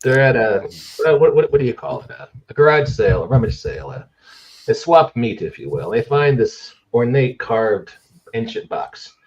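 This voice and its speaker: A man talks through a movie plot in a loose, rambling way, stopping often on fillers. His middle-pitched voice comes through a slightly muffled, lo-fi recording. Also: expressive, normal speed, darkish tone. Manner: rambling, hesitant, many fillers while recounting a movie. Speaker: podcast co-host. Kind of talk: casual podcast discussion.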